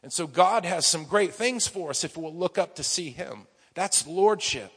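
A man with a slightly high, husky voice preaches a sermon. He tells stories with vivid energy, dropping to a hush and then rising loud again. His voice rings with the long reverb of a large hall. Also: animated, normal speed. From United States. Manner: vivid storytelling, swinging from hushed to loud. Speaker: pastor.

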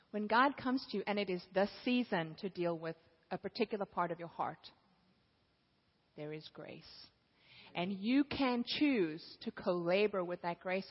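A woman preacher telling stories with animated, laughing delivery during a sermon. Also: mid-range voice, breathy edge. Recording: dull, echoey hall.

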